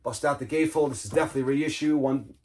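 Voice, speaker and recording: A man's voice: medium pitch, very fast, a little mellow. A man casually chatting about his record collection, enthusiastic and rambling, humming riffs and often saying "man.". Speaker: vinyl collector vlogger. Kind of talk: casual chat showing records.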